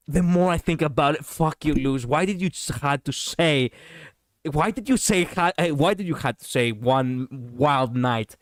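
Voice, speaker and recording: A man streaming a game, commenting casually in an excitable, profane, ranting way on a close mic. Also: on the high side, measured pace, no echo.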